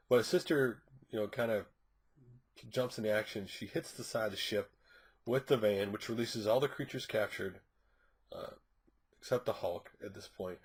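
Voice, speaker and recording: A man's voice: fairly low pitch, husky. A man reviewing a comic book issue, recapping the plot casually in a rambling way with frequent fillers and restarts.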